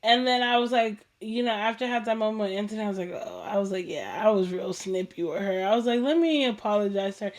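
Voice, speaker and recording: A woman hosting a casual chat show, telling stories in an animated, slangy way, acting out what people said and laughing often. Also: mid-range voice, fast talker, few pauses. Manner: animated storytelling, acts out quoted dialogue, laughs often; slangy and informal. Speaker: podcast host.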